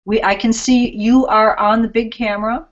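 A woman's voice: a little high, steady tone, moderate pace. A woman co-hosting a live craft show, friendly, reading viewer messages aloud. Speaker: co-host reading viewer comments. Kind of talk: live-streamed chat. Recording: dull, lo-fi live stream.

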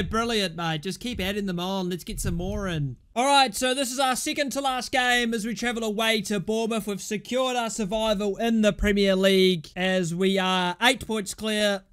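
A young man casually commentating his own football management game, chatting through results and shouting at goals and bad calls. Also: sits high, clean tone. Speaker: gaming YouTuber.

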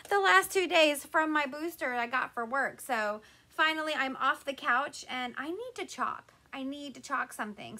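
Woman doing a live craft stream, high bright voice, chatty, says hi to everybody by name. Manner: chatty, greets viewers by name. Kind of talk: casual live-stream chat.

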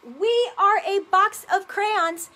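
A woman's voice: very high-pitched, slow, sharp tone, pitched above the performer's own voice, exaggerated voice. Woman doing a sincere crayon, mild storybook voice. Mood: earnest. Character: blue crayon, earnest and troubled.

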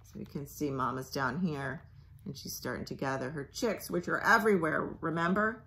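A woman librarian reading a picture book aloud at bedtime, gently asking the children questions and sinking into a hushed near-whisper. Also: low-pitched, moderate pace, vocal fry, slight background noise.

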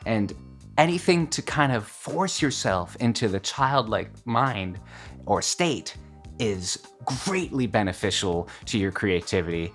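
A man with a Midwestern accent speaks at an ordinary, mid-range pitch, hosting a relaxed music vlog. He muses earnestly and drops playful asides. Soft music and instruments sit faintly behind him in a music studio. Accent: Midwestern American. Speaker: music video host. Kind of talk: casual, reflective music vlog talk.

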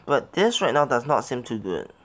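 Young male gameplay commentator, mid-pitched, excitable, mutters plans, yelps and pleads at close calls. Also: moderate pace. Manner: pleads and begs at the game. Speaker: game commentator.

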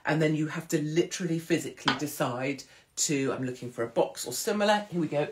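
A woman's voice: sits low, a little fast. Woman in her forties, blunt, frank, swears a lot, casual advice. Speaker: host.

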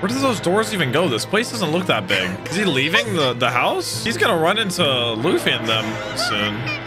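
A young man reacting to an anime episode as host, excitable, exclaiming and laughing often, with the show's music playing behind him. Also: a little high, normal speed. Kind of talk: live reaction commentary. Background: anime episode audio with music.

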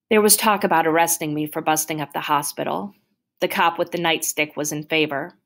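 A woman reading a novel aloud in first person with a steady, plain storytelling manner. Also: sits low, brisk. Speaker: audiobook reader.

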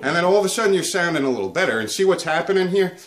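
A man's voice: high voice, expressive, very fast. A man hosting a comedic guitar video, ranting crudely and swearing nonstop. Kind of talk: profane comedic rant to camera.

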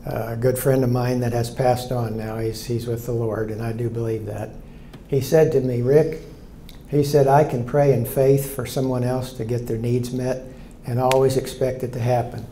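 Warm-toned older man preaching a sermon. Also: mid-range voice, fairly even intonation, moderate pace, echoey room, slight background noise. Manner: earnest, storytelling preacher who repeats key lines. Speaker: pastor.

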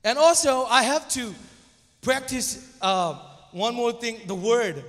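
Young male guest preacher, second-language English speaker (Zomi native), high voice, halting and nervous delivery, long church reverb. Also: fairly bright tone. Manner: hesitant, stumbling and restarting. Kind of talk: church sermon.

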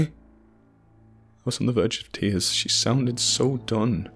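A man reads a first-person horror story with a measured, grim delivery. His voice sits low and comes out husky, and faint music runs quietly underneath. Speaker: narrator. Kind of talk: scripted horror story narration.

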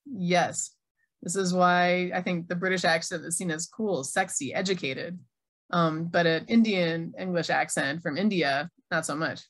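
A middle-aged American woman gives an online keynote in a relaxed, conversational way. Her voice sits a little low, and she reads out chat replies as she goes. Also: measured pace. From Minnesota. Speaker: keynote speaker, Arabic teacher.

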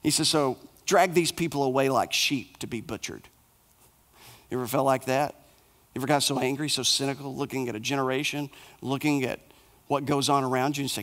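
A male pastor preaching a sermon in short, repeated, emphatic phrases, dropping soft and low for the somber passages. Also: fairly quick.

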